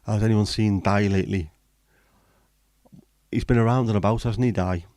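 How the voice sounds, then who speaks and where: A man's voice: on the low side, steady tone, moderate pace, a little mellow, no echo, clean studio sound. A man hosting a livestream, rambling and joking as he chats to viewers. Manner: rambling, jokey, chatting to viewers. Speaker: livestream host. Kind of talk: casual livestream chat.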